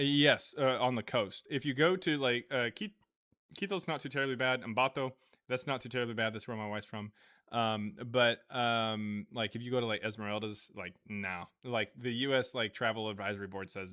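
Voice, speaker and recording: A man's voice: lowish voice, fairly bright tone. Rambling, chuckling live-stream host man. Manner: rambling, with many fillers and frequent chuckles. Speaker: live stream host reading viewer donations. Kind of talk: casual live-stream chat.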